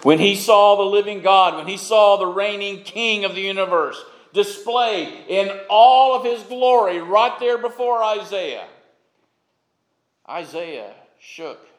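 A male pastor preaching a sermon with slow, emphatic delivery and dramatic pauses. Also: sits high. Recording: echoey room sound.

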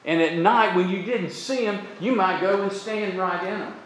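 A man's voice: high voice, normal speed, fairly bright tone, slight background noise, rough recording. A man from Florida preaching a sermon as pastor, earnest and emphatic, telling folksy stories with humor. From Florida, USA.

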